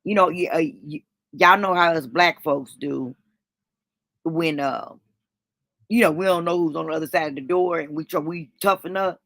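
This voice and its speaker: A woman's voice: deep voice, moderate pace, a bit bright, no room sound. A woman telling a dramatic story to her viewers, swearing freely and calling them honey. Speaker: storytime vlogger. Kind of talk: animated storytelling.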